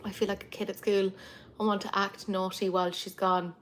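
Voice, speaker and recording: An Irish woman hosting a live chat with viewers, talking in a chatty, lively way with lots of asides. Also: mid-range voice, fairly quick, slight background noise. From Ireland. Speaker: livestream host.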